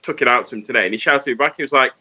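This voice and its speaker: Tipsy, rambling storyteller. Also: male voice, mid-range voice, very fast, sharp tone. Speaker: panel guest. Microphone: video call. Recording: muffled video call audio.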